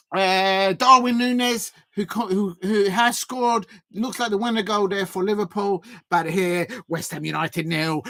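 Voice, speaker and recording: Excitable male football watch-along streamer. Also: sits high, no echo, studio quality. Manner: excitable, bursts into loud shouts at goals; chatty, gives shout-outs to chat. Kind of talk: live watch-along commentary.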